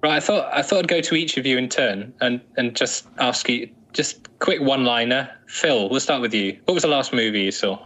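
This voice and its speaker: A man's voice: mid-range voice, a little fast, hardly any pauses, a bit bright, poor audio. A man hosting a podcast in casual, rambling chat, teasing his guests. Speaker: podcast host.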